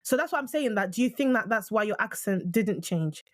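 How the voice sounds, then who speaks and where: A woman in her thirties with a British accent, co-hosting a casual podcast chat, animated, with quick asides and restarts. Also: mid-range voice, dry recording, clean studio sound. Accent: British English. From Nigeria. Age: 30s. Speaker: podcast co-host.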